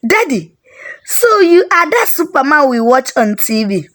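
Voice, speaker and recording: A woman's voice: high-pitched, takes it slowly, heavily acted. A woman with a Nigerian accent voicing a small, timid boy who speaks in childlike exclamations. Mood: thrilled. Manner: timid then excited.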